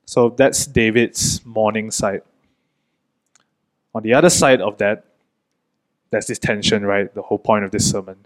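A man preaching a sermon in an earnest, gentle way, pausing often between short phrases. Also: lowish voice, fairly even intonation, rough recording.

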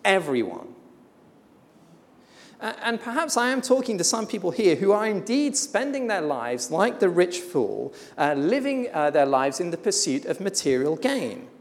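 Preacher giving a blunt, emphatic sermon with a lively, swinging delivery, heard in a reverberant hall. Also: mid-range voice. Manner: emphatic and blunt, with slow weighty pauses.

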